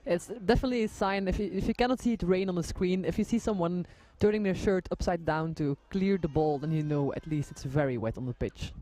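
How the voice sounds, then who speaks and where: Woman doing live sports commentary, warm mellow voice, dry close sound, laughs a lot. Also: on the low side, fairly quick, hardly any pauses, dry recording. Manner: giggly, friendly, self-correcting.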